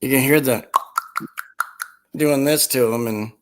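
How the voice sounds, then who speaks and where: A man's voice: mid-range voice, measured pace, rough recording. A man telling rambling funny stories in a casual chat, laughing at his own jokes.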